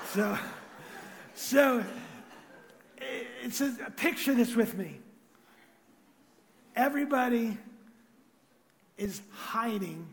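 This pastor's sermon feels loose and conversational, sometimes animated, sometimes soft and intimate. He has a voice that's high for a man, and a large hall gives it a long reverb.

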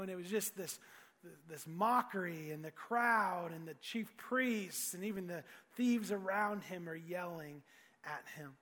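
A middle-aged male pastor preaching with a high, bright voice. He tells stories, drops to near-whispers and then builds to shouts. The sound rings with a long hall reverb. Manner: storytelling, swings from hushed to shouting. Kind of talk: sermon.

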